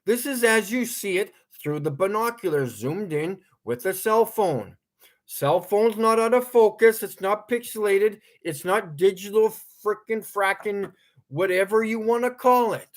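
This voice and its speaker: A vlogger with a high-pitched, slightly slow voice rants angrily at his viewers in a profane monologue. He lectures them, repeats his commands, and keeps breaking into laughter at himself.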